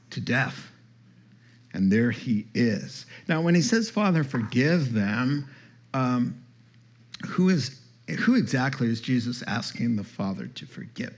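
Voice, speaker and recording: A man's voice: mid-range voice, creaky, husky. A male pastor preaching a sermon, emphatic, quoting scripture and chatting with the congregation.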